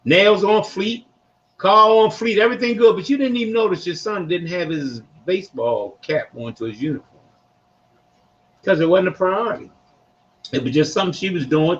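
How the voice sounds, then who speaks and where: Older Baltimore man, high voice. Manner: rambling, animated storytelling with slang. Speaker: podcast host. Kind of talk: casual sports talk. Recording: dull lo-fi recording.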